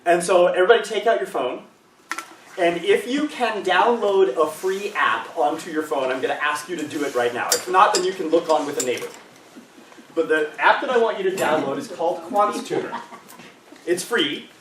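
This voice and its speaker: A man's voice: sits high, normal speed, a bit bright, far from the mic. A man leading a choral workshop, patiently and encouragingly explaining vocal exercises to a group of singers. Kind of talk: live choir workshop teaching. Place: rehearsal room with a group. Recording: echoey room, speaker off-mic, faint hiss.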